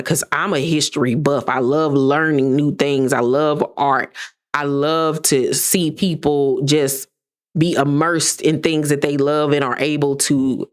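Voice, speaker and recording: Sassy low-voiced woman recapping gossip. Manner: sassy, gossipy, animated impressions of cast members. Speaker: reality TV recap host. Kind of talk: casual recap commentary.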